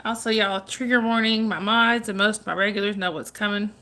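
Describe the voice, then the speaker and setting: A woman's voice: mid-range voice, fairly even intonation, brisk, pushed and bright. A woman hosting a casual livestream, chatting with viewers by name, comforting them and laughing often. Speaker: livestream host. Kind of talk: casual livestream chat reading viewer comments.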